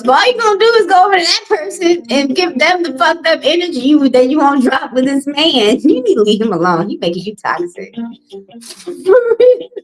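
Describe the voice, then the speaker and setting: In a rough recording, a woman whose voice sits high reads tarot live for her viewers. The talk is casual stream chat: she's blunt, swears freely, teases the callers and laughs often.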